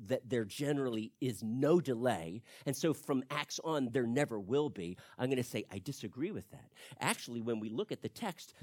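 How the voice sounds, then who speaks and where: A man preaching an expository sermon, animated and acting out the people he quotes. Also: medium pitch, no echo, studio quality. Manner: animated, acts out quoted speech.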